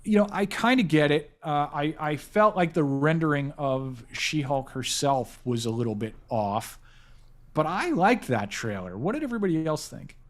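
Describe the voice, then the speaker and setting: A man's voice: fairly high pitch, animated, normal speed. A man hosting a casual pop-culture podcast, talking enthusiastically with lots of restarts and self-corrections. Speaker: podcast host, editor-in-chief.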